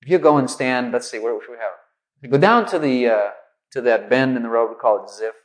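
A man's voice: medium pitch, fairly quick, close to an everyday voice, poor audio. A man doing a leisurely, easygoing God. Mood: casual. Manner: relaxed, leisurely, soft. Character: unhurried, easygoing male God.

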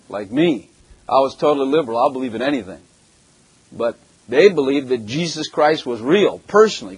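Man, from Germany, preacher, husky voice, dry close sound, blunt and jokey. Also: mid-range voice, no room sound, poor audio. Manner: blunt, jokey, rhetorical questions. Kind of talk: sermon with personal testimony.

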